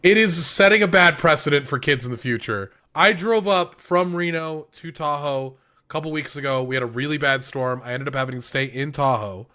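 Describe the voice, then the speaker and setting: A man's voice: a little high, brisk, hardly any pauses, pushed and bright. A man co-hosting a podcast, ranting with lots of swearing in an exasperated, casual way. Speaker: podcast co-host.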